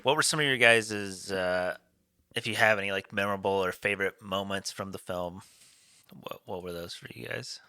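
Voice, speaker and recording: A man's voice: lowish voice, normal speed, sharp tone, clean tone, dry recording, clean studio sound. A man hosting a casual movie-review podcast, rambling with lots of "like" fillers and frequent laughs.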